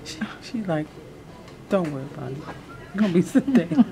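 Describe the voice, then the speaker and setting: Nervous, chatty woman vlogging, lowish voice. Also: lively intonation, a little fast, pauses often, a crowd in the background. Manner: chatty, laughs often, slangy. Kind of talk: casual vlog chat to camera. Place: home, then a hospital pre-op room. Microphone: handheld camera.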